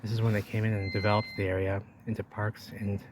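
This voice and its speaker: A man's voice: fairly low pitch, little pitch movement, quick pace, a little hiss or hum. A man narrating an exploring vlog outdoors, rambling to viewers while he walks and points things out. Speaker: vlogger. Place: outdoors by a river wall.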